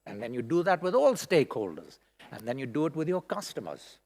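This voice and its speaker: A middle-aged man giving a conference keynote speech in a large hall, expressive and emotional, with many rhetorical questions. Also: medium pitch, a little fast. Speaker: keynote speaker. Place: large hall at a school event.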